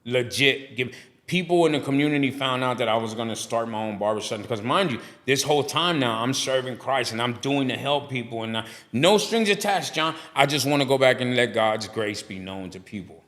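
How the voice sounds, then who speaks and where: Animated man telling his story. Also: mid-range voice, a little fast. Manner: animated, preachy storyteller who acts out dialogue. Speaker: barbershop owner and guest. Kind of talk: casual storytelling interview.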